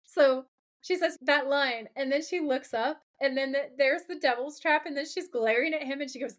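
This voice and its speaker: A woman's voice: sits high, brisk. A woman podcast co-host recapping a TV episode in casual chat, acting out the characters' lines and swearing freely. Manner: animated, acts out quoted dialogue, swears casually.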